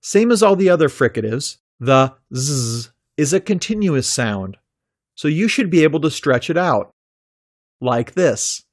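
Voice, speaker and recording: Male narrator for a pronunciation lesson: slow and deliberate, holds out example sounds, dry close-mic read. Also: on the high side, very animated, no room sound. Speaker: pronunciation teacher. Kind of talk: scripted instructional narration.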